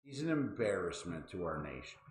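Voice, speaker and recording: A man's voice: deep voice, sing-song, a little fast, roomy sound, poor audio. A man in his thirties hosting a casual chat show, ranting with lots of swearing and exasperation. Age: 30s. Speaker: podcast host.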